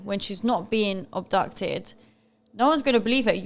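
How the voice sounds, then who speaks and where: A woman's voice: mid-range voice, normal speed, a bit bright. A woman co-hosting a casual reaction video, blunt, sweary, and mocking. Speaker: reaction co-host.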